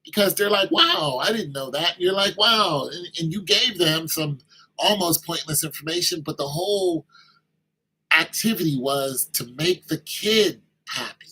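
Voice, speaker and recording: A man's voice: on the high side, unhurried, pushed and bright, slightly rough, poor audio. A man giving an informal sermon-style talk, conversational, acting out little exchanges with kids in raised voices.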